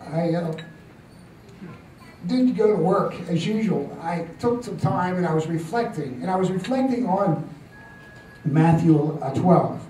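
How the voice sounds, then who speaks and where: An older man tells his testimony to a congregation in a fairly high voice, stumbling through fillers and restarts with a gently amused tone. He is recorded in a roomy church hall from some distance off the mic, with a faint hum of ambience behind him. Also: lively intonation, measured pace, long pauses. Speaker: church speaker telling a testimony.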